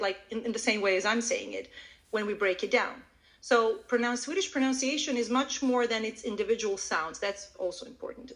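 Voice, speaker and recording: A woman language teacher explaining her methods on a live audio call, animated and demonstrative, with frequent restarts. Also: medium pitch, poor audio. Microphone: online audio call.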